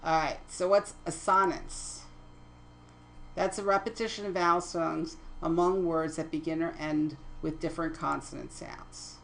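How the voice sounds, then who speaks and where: A woman's voice: low voice, fairly even intonation, measured pace, gravelly, fairly bright tone, a little hiss or hum, poor audio. A woman teaching poetry terms in a lecture over slides, reading definitions steadily and correcting her own slips. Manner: methodical, reads definitions aloud, self-corrects slips.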